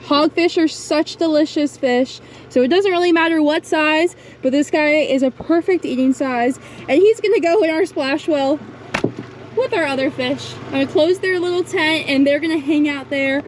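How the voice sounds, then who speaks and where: A woman vlogging in a casual, excitable way, talking to viewers from a small boat. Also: high-pitched, moderate pace. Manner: upbeat, excitable. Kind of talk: casual vlog narration. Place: small boat on the sea, outdoors. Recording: outdoors on a boat, noisy wind and water.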